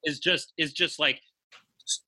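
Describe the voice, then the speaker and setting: Bright-voiced playful male podcast host. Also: a little high, steady tone, unhurried, breathy edge. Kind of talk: casual chat.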